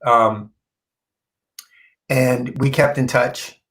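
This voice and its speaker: In a casual interview, a male comic book artist tells a story with animation, performing the quoted dialogue and halting and repeating himself when emotion hits. His voice is mid-range, and the recording quality is low.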